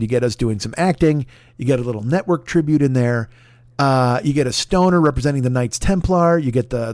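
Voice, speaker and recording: A man's voice: mid-range voice, a little mellow, dry recording, clean studio sound. Profane rambling man plugging a podcast. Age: 40s. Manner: profane, rambling, mock-boastful. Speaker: podcast host. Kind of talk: casual comedic podcast plug.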